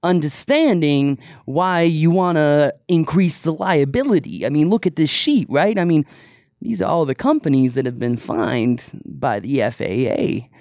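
A man's voice: a little high, vocal fry, darkish tone, no room sound, clean studio sound. A man doing a brash New York tough-guy uncle. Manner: swaggering, mock-threatening, leaning on "you know".

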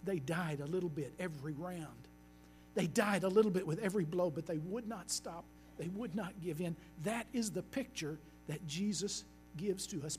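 A man as pastor, preaching a sermon with earnest storytelling that slows down for emphasis. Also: sits high, darkish tone, soft background music.

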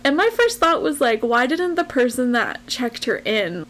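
A woman's voice: high voice, big pitch swings, moderate pace, a bit bright. A young woman co-hosting a podcast, telling a rambling story in a chatty way and laughing often. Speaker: podcast co-host. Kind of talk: casual chat and storytelling.

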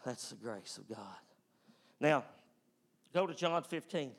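A man preaching a fervent, emphatic sermon, swinging from loud whoops to hushed tones. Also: medium pitch, lively intonation, takes it slowly, husky. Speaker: pastor.

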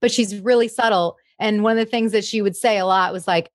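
Animated woman, dry close sound. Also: medium pitch, brisk, no room sound. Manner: animated, laughs often, slips into brief impressions. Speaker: impressionist guest. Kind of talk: casual interview chat.

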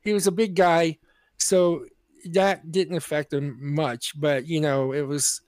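A man's voice: on the high side, fairly even intonation, unhurried, a little mellow, dry recording. A man co-hosting a podcast, telling a long story in casual chat and often restarting his sentences. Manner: rambling, full of restarts, acts out quoted voices. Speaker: podcast co-host.

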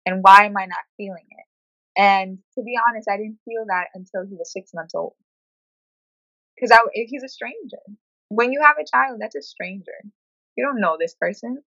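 A woman speaking frankly in a conversational interview, telling her story with animated quoted asides. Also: mid-range voice, moderate pace, no echo, muffled recording. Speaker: guest sharing her experience.

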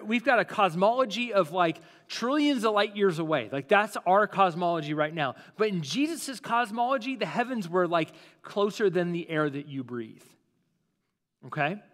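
A man's voice: high-pitched, fairly bright tone, big-room sound. A man preaching a sermon as lead pastor, in a casual, conversational way with plenty of fillers.

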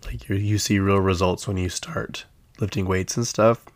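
A young man hosting a casual solo podcast, his voice rough from being sick, chatting in a rambling, self-mocking way. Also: sits low, steady tone, normal speed, no echo. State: sick, hoarse-sounding voice. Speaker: podcast host.

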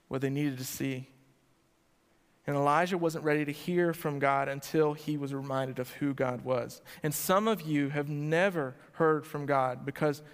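Guy preaching a sermon in church, kinda high voice, keeps asking the crowd questions, big echoey hall. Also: clean tone. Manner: asks the congregation direct questions, swings between loud emphasis and quiet lines. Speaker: pastor. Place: church sanctuary before a congregation. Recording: long hall reverb.

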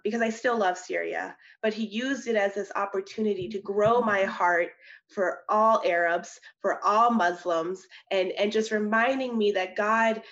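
A young woman, a missionary, telling her personal testimony in an interview, earnest and animated, often laughing and restarting her sentences. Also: mid-range voice. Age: young adult. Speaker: missionary guest. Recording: slightly dull audio.

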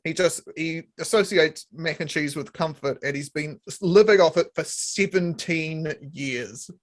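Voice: mid-range voice, measured pace. A podcast co-host in easygoing chat who laughs often. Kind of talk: casual chat.

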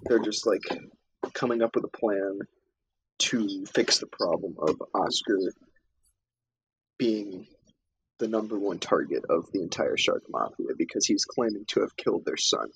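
A man's voice: lowish voice, a little slow, vocal fry, slight background noise, rough recording. A man in a casual chat, recapping a film scene by scene and acting out the characters' lines as he goes. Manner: animated storytelling, acts out character lines.

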